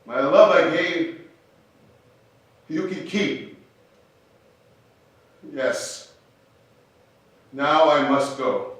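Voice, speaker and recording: A man telling a story on stage in a dramatic, measured way that rises to shouts. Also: fairly high pitch. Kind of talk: theatrical spoken-word storytelling. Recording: echoey stage from far off.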